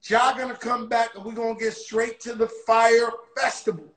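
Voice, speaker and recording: A man hosting a casual livestream interview from his phone, loud and excitable and swearing freely. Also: very high voice, moderate pace, reverberant. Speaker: host.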